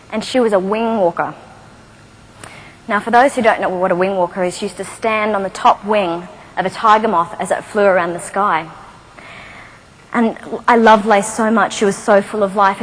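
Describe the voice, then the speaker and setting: On stage in front of a live audience, a middle-aged motivational speaker shares her life story, mixing in self-deprecating jokes and questions to listeners. She speaks at a moderate pace in a steady, medium-pitched voice, on a low-quality recording with a little hiss or hum.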